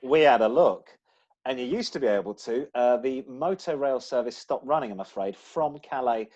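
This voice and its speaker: A man's voice: medium pitch, moderate pace, darkish tone, dull audio. A man co-hosting a casual podcast, talking in a chatty, rambling way with frequent restarts. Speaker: podcast co-host. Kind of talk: casual chat.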